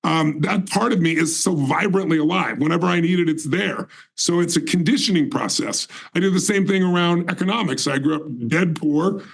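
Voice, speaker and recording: Gravelly man in his sixties, emphatic. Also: a little high, a little fast, few pauses, poor audio. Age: 60s. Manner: emphatic, intense, certain. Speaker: guest. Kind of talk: motivational storytelling in conversation.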